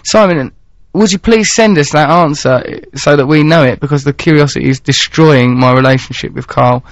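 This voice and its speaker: A playful man in his thirties rambles theatrically as a radio host, his voice sitting fairly high. The studio sound is dry and close. The broadcast is a little dull and lo-fi. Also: moderate pace, no room sound. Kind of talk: casual radio chat.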